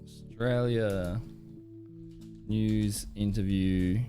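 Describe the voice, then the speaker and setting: A man's voice: on the low side, fairly even intonation, drawn-out words, dark tone, faint music behind. A man streaming live, chatting casually and reacting to clips, rambling, swearing and laughing often.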